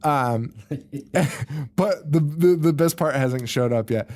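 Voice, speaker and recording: A man's voice: fairly high pitch, slow. A man co-hosting a podcast, telling a movie plot in casual chat, acting out the characters' screams and lines with swearing and laughter. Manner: animated storyteller who acts out characters with screams and laughs; swears freely. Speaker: podcast co-host.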